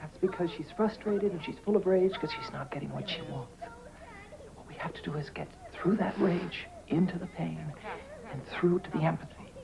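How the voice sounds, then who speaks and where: An actress playing a firm, relentless therapist who pushes insistently and then softens to hushed reassurance. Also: female voice, on the low side, moderate pace, vocal fry, a crowd in the background, low-quality recording. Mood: calm, firm. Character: firm, relentless female therapist, middle-aged. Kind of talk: film drama acting.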